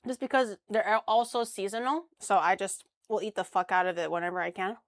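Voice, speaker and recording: Young woman streamer, loose and crude, mid-pitch, dry close-mic sound. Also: fairly even intonation, a little fast, no echo. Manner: chatty, crude jokes, swears casually. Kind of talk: casual cooking stream chat.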